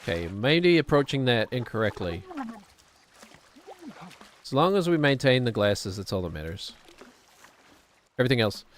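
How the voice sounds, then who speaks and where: A middle-aged man with a New Zealand accent talks loosely on his game stream. His voice sits at an ordinary middle pitch. He rambles, restarts his sentences and chuckles between his thoughts. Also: big pitch swings, normal speed, long pauses, slight background noise. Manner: rambling, self-correcting, chuckling. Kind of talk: casual chat while gaming.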